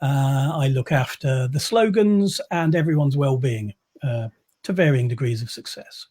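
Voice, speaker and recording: A man's voice: medium pitch, unhurried, mellow. A man, a publisher, chatting casually on a video call in a wry, rambling way with many fillers. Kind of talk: casual chat.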